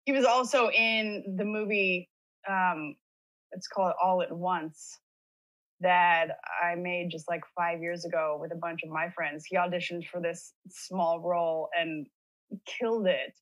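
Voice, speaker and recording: A woman's voice: lowish voice, a little slow, rough recording. Actress lady guest on a podcast, chatty, tells stories with a lot of life. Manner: chatty storyteller, lively retelling. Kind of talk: casual interview chat.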